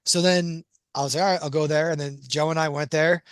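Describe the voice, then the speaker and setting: A man co-hosting a casual chat podcast, talking fast and teasing his partner. His voice sits a little high. The recording is dry and close. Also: steady tone, smooth, dry recording. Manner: quick, teasing, laughing banter. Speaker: podcast co-host.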